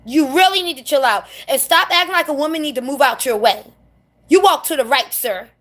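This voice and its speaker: A woman's voice: sits high, animated, a little fast, fairly bright tone. A woman vents in a blunt, sassy monologue. She talks straight to her viewers in casual rant mode, dropping curses as she goes. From New York City. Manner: blunt, sassy, swears freely. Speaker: vlogger.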